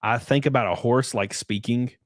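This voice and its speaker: A man's voice: mid-range voice, moderate pace, no echo. A young man, a streamer and podcast host, chatting casually in a joking, teasing way. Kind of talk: casual chat.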